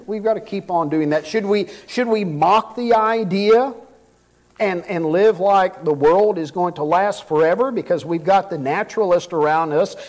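A man's voice: high voice, a little mellow, low-quality recording. A middle-aged man preaching a sermon, asking rhetorical questions and reading scripture aloud.

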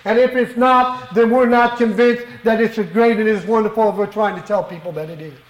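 Fervent high-voiced male preacher. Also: fairly even intonation, brisk, echoey room, lo-fi sound. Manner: fervent, emphatic, rhetorical questions. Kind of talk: sermon. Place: church worship hall.

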